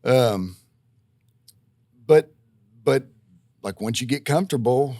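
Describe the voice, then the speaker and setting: A man's voice: medium pitch, slow, a little mellow, no echo. A man, a physical therapist guest on a podcast, talking casually with many restarts and folksy stories. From Tennessee, USA. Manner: rambling, many restarts and fillers, folksy storytelling. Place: podcast studio.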